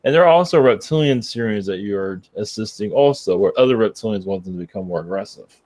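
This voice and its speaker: A man giving a spiritual channeling reading to callers in a calm, measured way. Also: on the low side, no echo.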